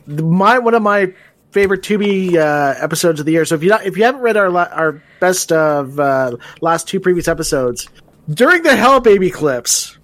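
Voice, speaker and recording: A man co-hosting a casual podcast, rambling through a funny memory with restarts and loud laughter. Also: high-pitched, animated, moderate pace. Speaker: podcast co-host.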